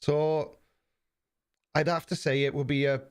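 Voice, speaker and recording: A man's voice: fairly high pitch, level tone, unhurried, clear, resonant tone. Rambling man hosting a livestream. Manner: rambling, self-mocking, many fillers. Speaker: livestream host. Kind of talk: casual livestream chat.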